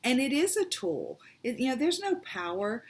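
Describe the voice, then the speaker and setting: A woman hosting a tarot channel, telling a personal story in a rambling, animated way and acting out the voices she quotes. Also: fairly high pitch, normal speed, a little hiss or hum.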